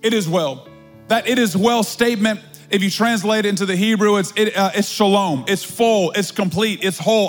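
A high-pitched male pastor preaching to his congregation, stretching out key words and repeating phrases for emphasis. The sound carries a long church-hall reverb, with faint music underneath. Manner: preaching with drawn-out emphatic repetition. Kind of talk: sermon.

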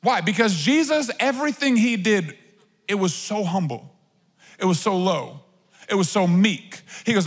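Man, pastor, sermon, conversational asides, high voice, long hall reverb. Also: normal speed, husky. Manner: animated, conversational preaching with asides. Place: church auditorium.

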